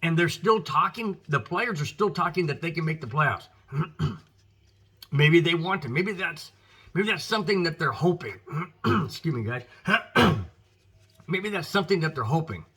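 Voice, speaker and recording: An American man rants about his football team to his viewers, emphatic and exasperated. His voice is bright and forceful with a husky edge. It sits a little high for a man. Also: expressive, a little slow, long pauses. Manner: emphatic, frustrated, addresses viewers as guys. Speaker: sports podcast host. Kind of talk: opinionated football commentary.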